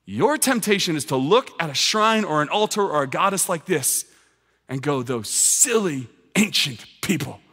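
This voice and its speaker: A man in his thirties preaches in a large hall, his words ringing out with a long echo. His voice sits a touch high for a man. He drives his points home with insistent, repeated phrases. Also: lively intonation, normal speed, sharp tone. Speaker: pastor. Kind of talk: sermon.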